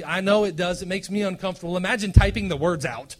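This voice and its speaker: A man preaches in a loose, self-deprecating way. His voice sits slightly high and leaps from quiet asides to loud, punchy emphasis. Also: fast, hardly any pauses. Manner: conversational, self-deprecating preaching with big swings between loud and hushed. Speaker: pastor. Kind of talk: sermon.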